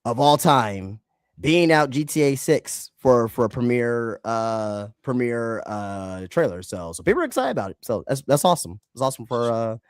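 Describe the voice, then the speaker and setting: A man co-hosting a casual podcast, laid-back and full of fillers and quick agreements. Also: medium pitch, lively intonation, smooth, dry recording, clean studio sound. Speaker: podcast co-host.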